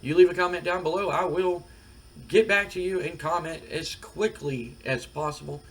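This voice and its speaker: At a normal pace and with a voice on the high side, a male gaming video creator talks through a wrestling management game for his channel. He's relaxed and rambling, with frequent fillers.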